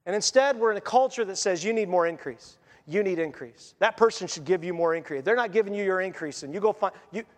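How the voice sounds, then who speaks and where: A man's voice: high-pitched, animated, quick pace, big-room sound. A man preaching a sermon as a pastor, earnest, and voicing the people he quotes.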